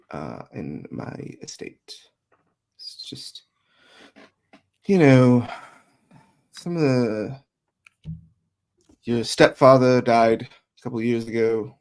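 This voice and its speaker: A player voicing a well-off mother phoning her adult daughter during a tabletop role-play, halting and full of restarts. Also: medium pitch, very animated, darkish tone. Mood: evasive.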